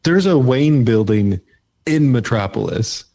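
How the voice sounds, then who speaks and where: A man's voice: mid-range voice, lively intonation, measured pace, warm tone, no echo. A man co-hosting a casual chat, mostly giving short agreeing replies and laughing along. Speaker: podcast co-host.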